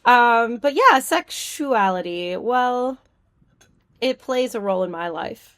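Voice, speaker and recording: A woman's voice: on the high side, lively intonation, slow pace, a bit bright, dry recording. A young adult woman from the United States, a podcast guest chatting casually, joking often and leaning on filler words. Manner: giggly, jokey, heavy on filler words. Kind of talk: casual interview chat.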